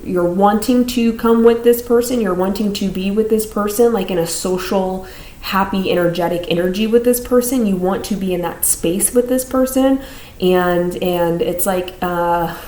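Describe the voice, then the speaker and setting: A woman's voice: lowish voice, darkish tone, roomy sound, rough recording. A woman giving a casual tarot reading to her viewers, rambling with many fillers and restarts. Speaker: tarot reader.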